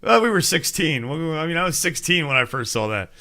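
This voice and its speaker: A man's voice: a little high, lively intonation, a little fast, sharp tone. A man in his forties from the United States, hosting a casual entertainment news chat, rambling and swearing with frequent laughs. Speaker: host.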